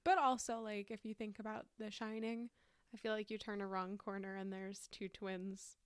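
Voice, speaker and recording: A woman's voice: medium pitch, level tone, moderate pace, smooth, no echo. A young woman co-hosting a podcast, chatting casually and reacting with easy humor. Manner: chatty, reactive, laughs along. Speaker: podcast co-host. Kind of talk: casual chat.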